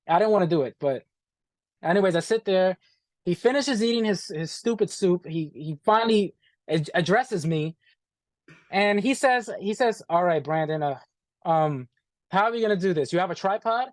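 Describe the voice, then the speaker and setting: A man's voice: high-pitched, normal speed, dry recording. Profane man retelling a story, dry sound. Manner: animated, profane, acts out quoted dialogue, says "bro". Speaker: interview guest. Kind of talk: casual storytelling.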